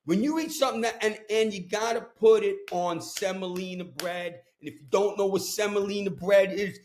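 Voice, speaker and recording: Ny guy from brooklyn, high-ish voice, ranting and riffing on a podcast mic, streetwise. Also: normal speed, a little hiss or hum. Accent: New York. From Brooklyn, New York. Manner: animated ranting storyteller, streetwise. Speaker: podcast host. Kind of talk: casual chat. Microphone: podcast microphone.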